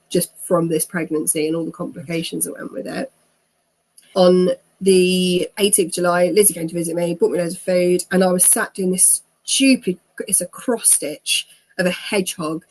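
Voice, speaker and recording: A woman in her thirties with a fairly low, darkish voice and a breathy edge is an interview guest. She tells her own story chattily, laughing often and acting out what people said.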